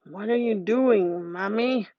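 A woman's voice: mid-range voice, slow pace, no room sound, lo-fi sound. A woman voicing an impish, wizened fairy changeling baby boy who speaks in a very old man's voice. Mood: wheedling.

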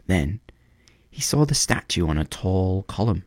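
A man reading a storybook aloud in a measured, expressive way. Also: low-pitched, no echo, studio quality.

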